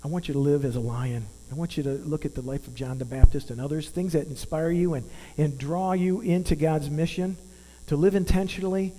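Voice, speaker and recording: A man in his fifties delivers a sermon in an earnest, conversational way, often putting questions to his listeners. His voice sits a little high but sounds mellow. It rings through a large hall over a faint mains hum. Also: brisk. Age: 50s. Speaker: preacher.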